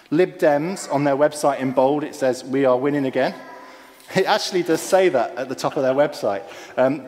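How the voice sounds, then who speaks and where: A man preaching a sermon, earnest and emphatic, dropping low and soft on key phrases. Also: long reverb tail.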